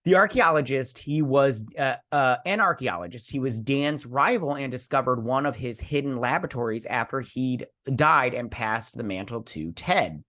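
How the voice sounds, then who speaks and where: A man's voice: mid-range voice, animated, moderate pace, hardly any pauses, bright, forceful tone. A man hosting a casual weekly geek news recap, chatty and rambling, tripping over names. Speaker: host.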